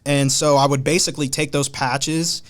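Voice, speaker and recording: A man from Ohio, a podcast guest, telling stories in a relaxed, slangy way. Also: a little high, moderate pace. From Columbus, Ohio. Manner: laid-back, slangy storytelling. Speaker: podcast guest, hat designer. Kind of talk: casual conversation.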